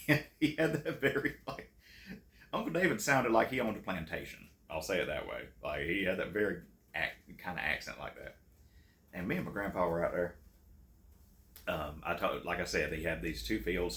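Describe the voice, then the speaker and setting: A man's voice: low voice, a bit bright. A man from telling hunting stories in a casual, folksy way, laughing easily. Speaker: channel host and storyteller. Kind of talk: casual storytelling. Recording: echoey room.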